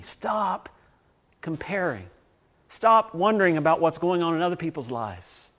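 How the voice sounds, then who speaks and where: A man's voice: fairly high pitch, very animated, a little slow. Male pastor preaching. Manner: storytelling with swings from loud to hushed. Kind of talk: sermon.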